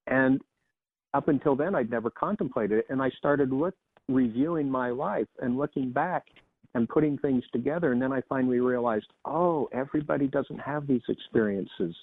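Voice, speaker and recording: A man, a former emergency doctor, telling his experiences as a guest in a measured, reflective way with some restarts. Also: medium pitch. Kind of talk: interview, personal storytelling. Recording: dry tinny phone-like line.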